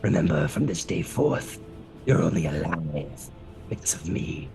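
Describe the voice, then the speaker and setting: A man voicing an honorable male warrior creature in a low, breathy, menacing growl. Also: animated, unhurried, music in the background, heavily acted. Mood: solemn.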